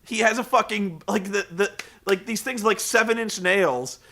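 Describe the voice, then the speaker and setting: A man casually recapping a wrestling show, rambling and profane, telling the story with animated energy. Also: high-pitched, normal speed.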